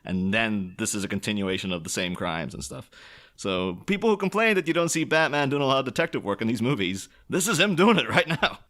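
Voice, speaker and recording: A man's voice: mid-range voice, sing-song, brisk, a bit bright. A man co-hosting a podcast, talking through a film casually, rambling and laughing often as he mimics characters. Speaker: podcast co-host.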